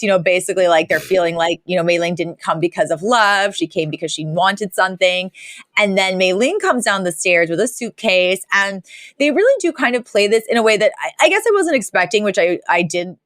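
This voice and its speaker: A woman's voice: mid-range voice, brisk, a bit bright, no room sound, studio quality. A woman co-hosting a podcast in casual chat, retelling scenes with lots of fillers. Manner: chatty, retells scenes with lots of likes and you-knows. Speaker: podcast co-host.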